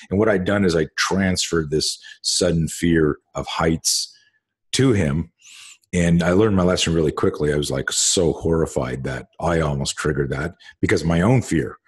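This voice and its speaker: Middle-aged man, deep voice, husky, rambling casual host, lots of fillers and restarts. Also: moderate pace. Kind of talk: casual conversation.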